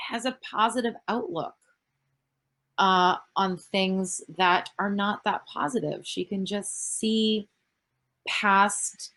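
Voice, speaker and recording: A Canadian actress in her thirties answers fan questions on a casual virtual panel over a video call, rambling with lots of fillers and the odd swear word. Her voice is lowish with a fairly bright tone.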